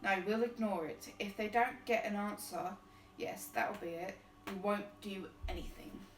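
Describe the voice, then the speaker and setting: A woman reading a storybook aloud, voicing a heavyset, bad-tempered middle-aged uncle in a gruff, snappish way. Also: medium pitch, unhurried, close to an everyday voice. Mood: rattled. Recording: roomy distant mic with faint music.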